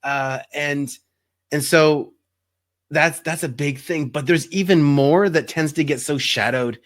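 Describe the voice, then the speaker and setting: A man's voice: fairly high pitch, measured pace. A man hosting an interview podcast, affirming his guest and addressing listeners directly. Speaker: podcast host.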